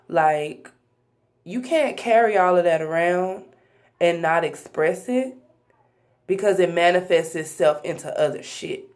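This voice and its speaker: A woman's voice: low voice, a little mellow. Blunt, profane young woman vlogger. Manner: blunt, profane and preachy, with quick asides to viewers. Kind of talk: casual talking-to-camera vlog.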